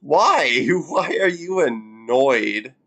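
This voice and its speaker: A reaction streamer rambles casually with lots of stammered restarts and frequent laughter. The voice swings widely in pitch, while the overall delivery stays unhurried. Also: expressive, a bit bright, soft background music.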